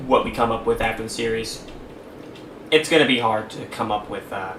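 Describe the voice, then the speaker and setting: A man's voice: fairly low pitch, brisk, fairly bright tone. A man co-hosting a podcast, chatting casually with loose, playful rambling. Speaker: podcast co-host. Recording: roomy, distant mic with faint hiss.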